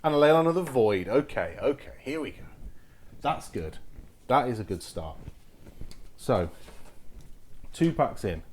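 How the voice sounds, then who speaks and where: Excitable man opening card packs. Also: medium pitch, measured pace, long pauses. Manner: excitable, exclaims at each pull. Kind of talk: casual commentary while opening packs.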